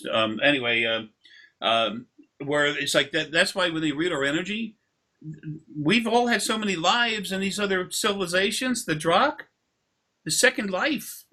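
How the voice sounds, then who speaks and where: An energy healer with a high-leaning, sharp-toned voice gives casual explanations over a video call during a session. He tends to wander off into long, rambling anecdotes.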